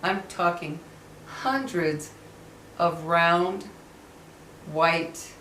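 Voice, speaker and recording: A woman's voice: on the low side, extremely slow, a bit bright, reverberant, far from the mic, a little hiss or hum, low-quality recording. A woman in a casual vlog who tells a personal story earnestly and keeps stressing that it really happened. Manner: earnest, emphatic, insists the story is true. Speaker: vlogger.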